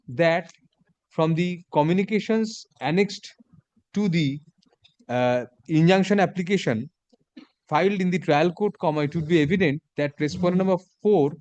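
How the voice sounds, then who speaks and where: Judge, man, dictates orders slowly with spoken punctuation, higher voice, dry close sound. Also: darkish tone, dry recording. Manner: measured dictation, reads punctuation aloud. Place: courtroom.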